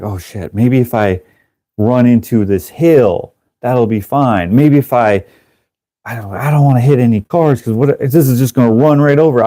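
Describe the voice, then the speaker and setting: A man hosting a live stream, telling a rambling, animated story with casual swearing and laughter, jumping into high voices to act out other people. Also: dry recording, studio quality. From Canada. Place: indoors, working on a craft while streaming.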